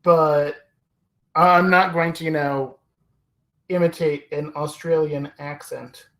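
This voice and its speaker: A man hosting a livestream in casual chat, rambling and hesitant, with many pauses and self-corrections. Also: on the high side, steady tone, fairly bright tone. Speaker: livestream host.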